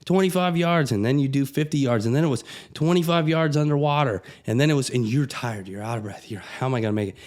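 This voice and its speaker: A man's voice: medium pitch, a little fast, hardly any pauses, a little mellow. A middle-aged man, a real estate broker, giving a blunt, conversational pep talk to camera. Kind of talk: motivational vlog talk.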